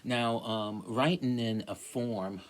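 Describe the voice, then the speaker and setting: A man lecturing a class, halting, with many fillers and restarts. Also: mid-range voice, fairly even intonation. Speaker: teacher.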